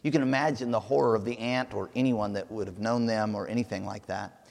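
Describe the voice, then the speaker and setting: A man's voice: on the low side, steady tone, brisk, gravelly, a little mellow, in a large hall. A man preaching a sermon, telling a story in an earnest way.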